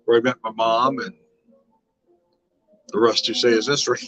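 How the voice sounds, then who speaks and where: A man's voice: medium pitch, fairly even intonation, unhurried, fairly bright tone, faint music behind. Rambling older man, dull webcam sound. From Southern California. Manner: rambling, laughs often, swears casually. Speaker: wine vlogger. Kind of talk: casual livestream chat. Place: home room.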